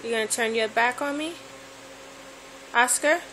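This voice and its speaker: A woman's voice: on the high side, measured pace, pushed and bright, a little hiss or hum, low-quality recording. A woman filming her dog with a handheld camera, teasing and playfully baby-talking to him. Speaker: pet owner vlogger. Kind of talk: casual home video talking to a pet. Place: home and outdoors by the house.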